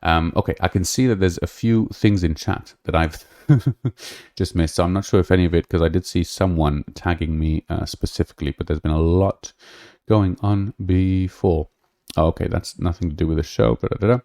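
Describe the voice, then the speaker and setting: A man's voice: deep voice, moderate pace, a little mellow, dry recording, studio quality. A man hosting a podcast, talking casually and rambling with many fillers and restarts. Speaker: podcast host. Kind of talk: casual livestream talk.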